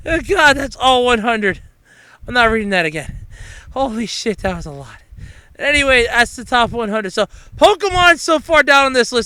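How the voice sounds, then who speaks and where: High, bright-voiced man hosting a podcast. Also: clean tone. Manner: rapid countdown shouting, then winded rambling. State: out of breath. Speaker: podcast host. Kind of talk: solo podcast monologue.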